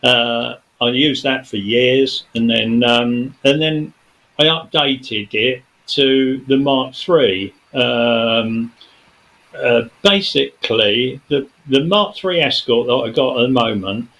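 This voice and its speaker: A man's voice: mid-range voice, slow pace, fairly bright tone, poor audio. A man, a studio guest telling a long story in casual chat, rambling with many fillers and restarts.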